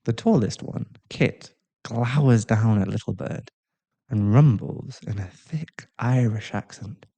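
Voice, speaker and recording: A man narrating an audio role-play story in a calm, even way. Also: on the low side, slow, vocal fry.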